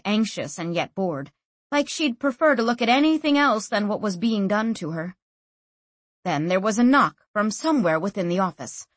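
A woman narrating a fantasy audiobook in a measured, lightly expressive way. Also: on the low side, husky, no room sound.

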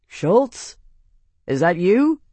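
A narrator voicing a young male army captain, calm and wryly confident, who talks in a calm drawl and now and then shouts an order. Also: sits high, drawn-out words, dry recording, full character voice.

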